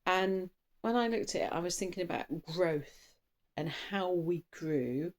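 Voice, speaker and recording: Speaking a bit slowly in a fairly low voice, a tarot reader rambles through a casual session. She drifts off and restarts her sentences, and the coffee shows in sudden bursts of speed.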